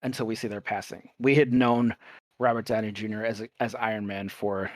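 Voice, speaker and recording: A man's voice: fairly low pitch, flat delivery, a little fast, no room sound. Chatty young man on a dry podcast mic. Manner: enthusiastic, rambling, swears casually. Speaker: podcast co-host. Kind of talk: casual podcast chat.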